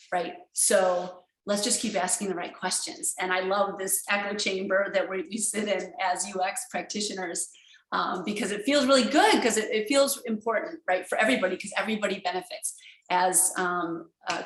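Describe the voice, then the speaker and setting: A woman giving a conference keynote over a video call, talking in an energetic, emphatic way with many fillers and restarts. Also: mid-range voice, reverberant, poor audio. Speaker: keynote speaker.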